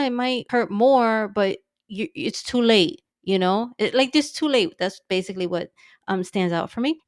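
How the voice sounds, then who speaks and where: A woman guest in her thirties telling a story in a casual, animated way, sarcastic and laughing often, with some swearing. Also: on the high side, smooth, no room sound, studio quality. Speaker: podcast guest.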